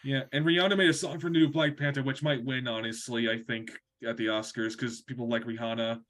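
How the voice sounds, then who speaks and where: A man joining a casual online hangout, chatting quickly about films he likes. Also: medium pitch, flat delivery, a bit bright. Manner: quick, chatty film opinions. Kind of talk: casual chat.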